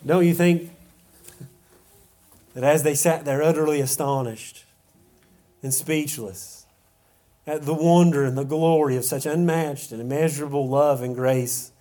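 A man's voice: a little high, steady tone, measured pace, long pauses, dark tone. Earnest preacher man with restarts. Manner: earnest, many restarts and repeated words; rhetorical questions to the congregation. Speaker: pastor. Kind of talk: sermon.

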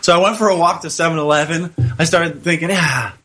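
Male co-host, high and bright voice, animated storyteller who acts out quotes. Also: fairly quick. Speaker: podcast co-host. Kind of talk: casual storytelling chat.

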